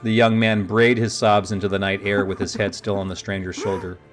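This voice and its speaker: A man reading a fantasy story aloud as narrator, in a measured, even way. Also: lowish voice, faint music behind. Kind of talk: audiobook narration.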